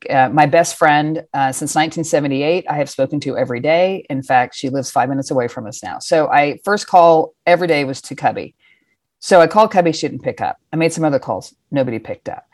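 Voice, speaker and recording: A middle-aged woman telling a personal story in a lively, casual way, acting out the scenes and swearing freely. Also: sits low, brisk, no room sound, studio quality. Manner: animated, acts out voices, swears casually.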